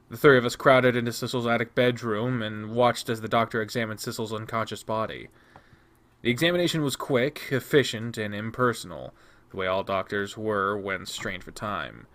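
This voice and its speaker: A man reading a visual novel aloud, narrating expressively with quick restarts. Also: lowish voice, a bit bright. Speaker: game reader.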